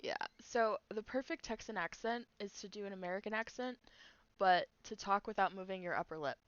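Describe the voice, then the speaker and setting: A woman's voice: mid-range voice, fairly quick, no room sound, dull audio. A woman narrating as game master for a tabletop game, chatty and giggly with lots of filler words.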